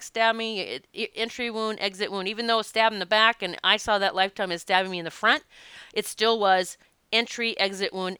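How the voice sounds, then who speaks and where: A woman who works as a past life regression practitioner, talking casually to her audience and telling stories in an animated, emphatic way. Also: mid-range voice, smooth, no room sound. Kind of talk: casual spoken talk to an audience.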